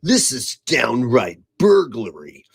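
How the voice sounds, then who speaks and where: A man playing a mock-serious male infomercial pitchman host. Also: sing-song, takes it slowly, vocal fry, husky, no room sound, heavily acted. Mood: salesy. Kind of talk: comedic parody.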